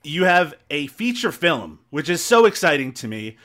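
A man's voice: fairly high pitch, very animated, normal speed, a bit bright. A man from Newfoundland hosting a podcast, teasing his co-host and laughing often in casual chat. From Newfoundland, Canada.

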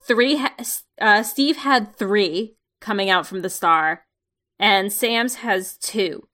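A woman's voice: medium pitch, takes it slowly, sharp tone. A woman co-hosting a casual podcast, chatty and wry, with frequent "like" fillers. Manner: chatty, filler-heavy, sarcastic. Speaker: podcast co-host. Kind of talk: casual chat about a TV episode.

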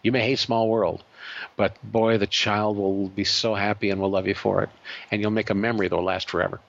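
A man's voice: lowish voice, brisk, creaky, lo-fi sound. A man, a guest on an interview show, telling an anecdote and acting out the quoted voices. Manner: animated, acts out quoted voices. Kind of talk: storytelling anecdote.

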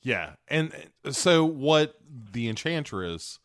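A man tells a movie's plot to his co-host, his pitch jumping up and down as he mimics the characters. The sound is dry and close to the mic. He talks in a loose, joking way. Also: no echo. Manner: animated, acts out quotes in quick voices. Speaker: podcast co-host. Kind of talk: casual movie recap chat.

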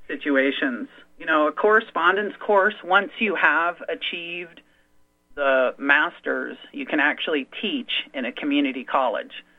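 A man's voice: medium pitch, dry recording. A man talking as a radio show guest, a chatty and enthusiastic storyteller. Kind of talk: conversational radio talk. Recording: dry, phone-like radio audio.

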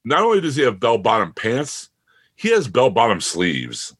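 A man's voice: medium pitch, moderate pace, husky, dry recording, clean studio sound. A man co-hosting a podcast, chatting casually about a TV episode and mockingly acting out scenes. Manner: animated, mocking, acts out scenes. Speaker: podcast co-host. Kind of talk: casual chat reviewing a TV episode.

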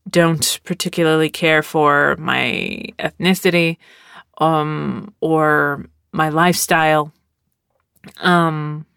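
A woman's voice: deep voice, fairly even intonation, takes it slowly, creaky, a bit bright, clean tone, dry recording, studio quality. A young adult woman hosting a podcast, talking casually in a rambling, sarcastic way with lots of fillers. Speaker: podcast host. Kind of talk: casual solo podcast talk.

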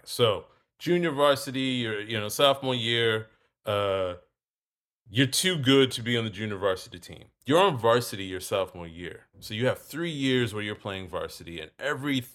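A man telling a story in casual talk, acting out both sides of a conversation. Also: lowish voice. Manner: animated, acts out both sides of dialogue.

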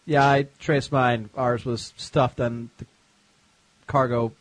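A man's voice: mid-range voice, fairly even intonation, slow, no echo. A man hosting a casual comedy podcast, blunt and teasing as he banters and reads segments aloud. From United States. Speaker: podcast host.

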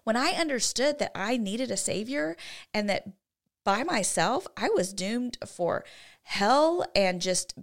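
A woman's voice: a little high, expressive, slow pace. A woman co-hosting a faith-based parenting talk, teaching in an earnest way and often checking in with "right?". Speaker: co-host.

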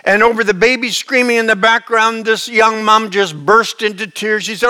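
A man's voice: high voice, fairly even intonation, normal speed, few pauses, sharp tone, clean tone. A male pastor giving a sermon in a conversational, folksy manner with chuckling asides.

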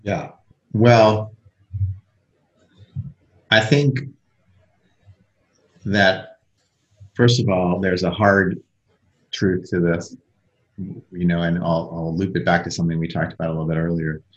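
A man being interviewed as a coach who explains his ideas calmly and with vivid metaphors. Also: low voice, slow, pauses often, muffled recording. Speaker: emotional awareness coach and guest. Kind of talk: conversational podcast interview.

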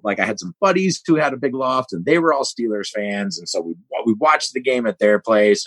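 Husky-voiced man chatting on a podcast. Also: lowish voice, fairly bright tone, no room sound. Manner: rambling, chatty storytelling with many fillers. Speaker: podcast co-host. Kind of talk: casual podcast chat.

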